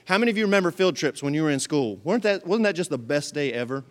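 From the pulpit, a male pastor with a notably high voice delivers a sermon, talking fast with hardly any pauses. He swings between loud, punchy lines and quiet asides, acts out little voices for the people in his stories, and keeps things joking and conversational.

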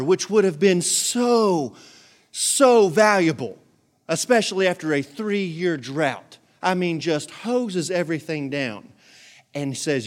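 A man preaching a sermon as pastor, telling Bible stories with jokes and acted-out quotes. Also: high-pitched. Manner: lively, joking storyteller who acts out quotes.

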